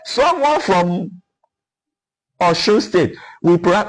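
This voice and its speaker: A middle-aged Nigerian guest from Ukwuani in Delta State explains things in a lecturing manner, sounding out example words in his Nigerian accent. His high voice is very animated, a little slow, and breathy. The recording is rough.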